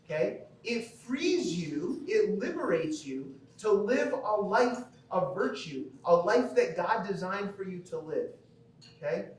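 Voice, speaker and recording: At a school banquet in a big hall, a teacher from the American Midwest lectures conversationally, frequently asking the crowd "okay?" He speaks slowly in a high, very animated voice, recorded from a distance amid the hall's echo.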